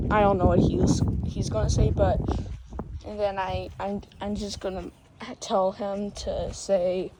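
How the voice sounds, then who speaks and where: A woman's voice: mid-range voice, level tone, a little slow, very noisy. A woman rambling casually through a story, restarting often and acting out the quotes. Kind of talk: casual plot retelling.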